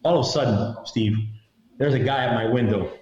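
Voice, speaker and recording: A middle-aged man, a retired federal agent, tells a story from his career as a guest on a podcast. He talks with animation and acts out the other people in the story. His voice has a middle pitch and sounds roomy and a little dull. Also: fairly quick, a little mellow. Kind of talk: recounting a story in a podcast interview.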